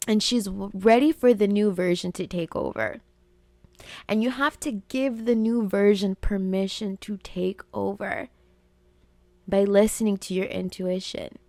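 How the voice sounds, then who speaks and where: An earnest young woman talks through a motivational podcast in a middle-pitched voice. She repeats herself for emphasis and slips into quick voices for her inner thoughts. The sound is close and dry, with no room around her. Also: a little mellow, dry recording. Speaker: podcast host and life coach. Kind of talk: motivational spiritual monologue.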